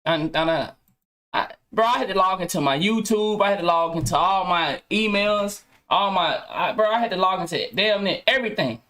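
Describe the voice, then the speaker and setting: A man's voice: high voice, moderate pace, sharp tone. Man, podcast host, casual rant, slangy, cursing, stop-start delivery. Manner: loose slangy talk with heavy cursing, frequent restarts.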